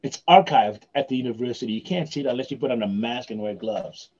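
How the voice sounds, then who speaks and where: A man's voice: mid-range voice, quick pace, a little mellow, lo-fi sound, a little hiss or hum. A man, a magician guest, telling long rambling anecdotes with many restarts in casual podcast chat. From South Africa.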